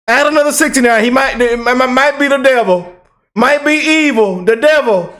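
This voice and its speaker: A man hosting a reaction channel, giving heated political commentary in an animated, exaggerated way, swinging between loud outrage and low mock-pleading mutters. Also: moderate pace.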